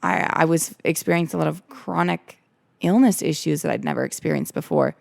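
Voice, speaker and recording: A woman's voice: low voice, brisk, vocal fry, darkish tone, dry recording. A young woman hosting a podcast, telling her own story in an earnest, candid way and repeating phrases for emphasis. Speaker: podcast host.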